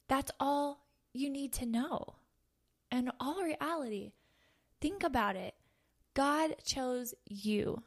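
Woman, 30s, devotional podcast host: fairly high pitch, gravelly fry, casual earnest delivery. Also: slow pace, long pauses. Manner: casual and earnest, with many fillers. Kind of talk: conversational devotional teaching.

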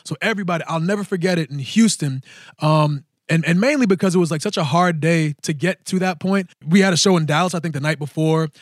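A middle-aged man, a professional wrestler, telling a story casually and acting out other people in lively voices. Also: fast talker, no echo, clean studio sound. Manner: animated, jumps into high silly voices to act out crowds.

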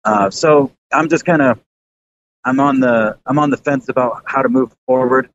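Rambling man on a lo-fi podcast call. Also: normal speed. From American South. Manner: rambling, many fillers and restarts, swears casually. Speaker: YouTuber guest. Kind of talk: casual podcast chat. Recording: slightly dull lo-fi sound with faint rumble.

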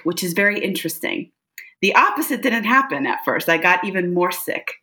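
A woman guest on a podcast, recounting a personal experience in an expressive, animated way, often adding "like" and "right?". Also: fairly low pitch. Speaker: podcast guest, psychic medium. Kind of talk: personal storytelling in conversation.

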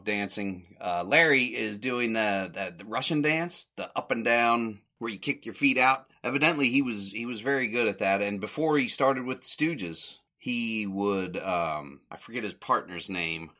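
A man's voice: on the low side, unhurried, few pauses, bright, forceful tone. A man hosting a podcast, casually retelling an old comedy short, rambling a little, correcting himself and chuckling often. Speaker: podcast host.

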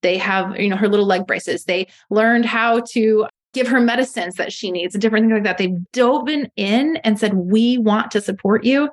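A woman's voice: mid-range voice, moderate pace, few pauses. A woman in her thirties, a mother, speaking as a podcast guest and telling personal stories in an earnest, reflective way. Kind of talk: conversational interview.

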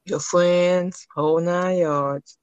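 A woman's voice: fairly low pitch, steady tone, slow, a little mellow, clean tone, dry recording. A woman hosting a podcast in casual chat, reacting with short interjections and offering advice. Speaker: podcast host.

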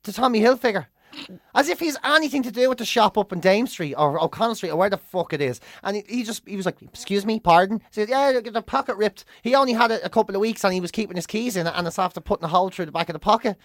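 A man's voice: sits high, dry recording. An Irish man, a comedian and podcast co-host, telling stories in casual chat, swearing often and acting out the people he quotes. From Ireland. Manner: profane, ranting storyteller with quick mimicry.

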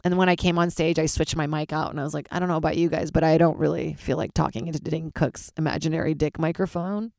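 A woman stand-up comedian hosting her own podcast, rambling and swearing in casual chat, jumping into sudden high excited voices. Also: fast talker, creaky, few pauses, no echo, studio quality.

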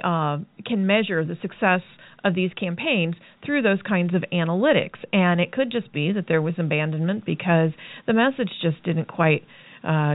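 A woman hosting a business radio talk show, speaking in a measured, conversational way as she interviews a guest. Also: on the low side, dry recording. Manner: measured, conversational, brief backchannel replies. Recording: phone-like narrow sound, dry, faint music.

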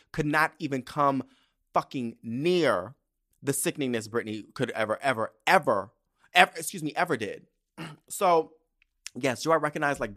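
Sassy, profane man ranting on a podcast. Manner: sassy, profane, animated swings in pitch and loudness. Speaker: podcast host. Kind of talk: casual solo podcast rant.

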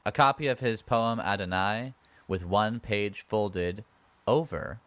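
A man's voice: lowish voice, slow pace, fairly bright tone. A man hosting a podcast, retelling history in a casual way with wry asides and conversational comments. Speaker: podcast host.

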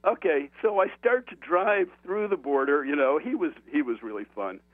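A man, an author and guest, telling a casual anecdote in an animated, conversational way. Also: a little high, moderate pace, dry recording. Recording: dry tinny phone line.

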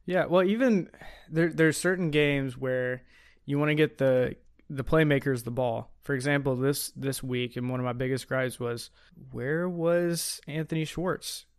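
A man's voice: medium pitch, measured pace, smooth, no echo, clean studio sound. A man hosting a casual sports podcast, talking in bursts with lots of fillers and restarts. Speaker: podcast host.

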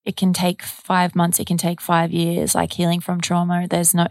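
Woman co-host, low, flat-toned, calm and measured, dry close recording. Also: no echo. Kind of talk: supportive conversation.

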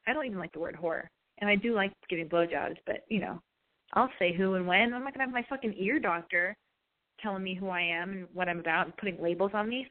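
Over a tinny, phone-quality line, a woman with a medium-pitched voice speaks fast. She's hosting her own podcast and, in casual conversation, spins a meandering, self-mocking tale laced with profanity.

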